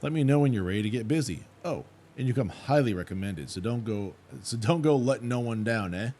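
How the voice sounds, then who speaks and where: A man reading a gruff rustic ranch boss woman. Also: medium pitch, lively intonation, brisk, dark tone, a little hiss or hum, lightly acted. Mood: welcoming. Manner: blunt folksy country speech. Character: gruff rustic woman head chocobo wrangler.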